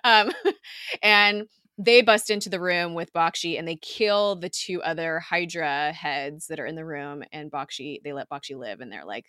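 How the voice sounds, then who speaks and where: A woman's voice: low-pitched, normal speed, pushed and bright, no echo, clean studio sound. A woman co-hosting a podcast, casually recapping a TV episode in a chatty way, full of fillers and quoted dialogue. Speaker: podcast co-host.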